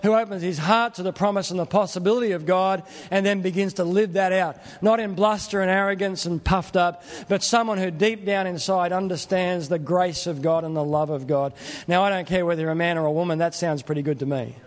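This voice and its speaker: A man's voice: high voice, steady tone, a little fast, in a large hall. A middle-aged man preaching a sermon in a plain-spoken, earnest, conversational way. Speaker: pastor.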